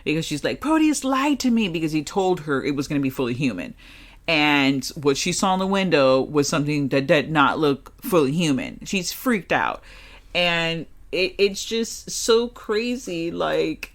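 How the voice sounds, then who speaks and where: A lively, profane co-host chatting about a horror film on a podcast. The voice sits at an ordinary middle pitch, and the talk tumbles out in quick bursts full of filler and laughter. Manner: animated, swears a lot, laughs often. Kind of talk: casual movie discussion.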